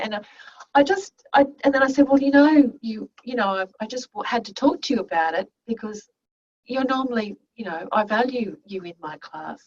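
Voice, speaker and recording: A fairly high-pitched woman tells stories from her teaching years in a chatty, rambling way, restarting her sentences as she goes. She sounds set back from the microphone, and the video call audio is muffled and dull. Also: brisk, darkish tone, far from the mic. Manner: anecdotal, conversational, with many restarts. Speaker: teacher educator. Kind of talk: online class discussion.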